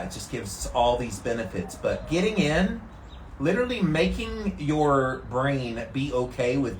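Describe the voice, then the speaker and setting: Male vlogger, mid-range voice, unhurried and steady, chatting from an ice tank. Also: mid-range voice, roomy sound, a little hiss or hum. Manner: calm and steady, relaxed despite the cold. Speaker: vlogger doing a daily ice bath challenge. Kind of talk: casual talk to camera. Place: sitting in an ice bath tank.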